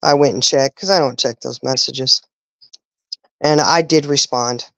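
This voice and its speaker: A woman's voice: very deep voice, fairly even intonation, a little slow, fairly bright tone, no echo. A woman hosting a live stream, ranting indignantly with pointed rhetorical questions. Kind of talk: casual live-stream talk.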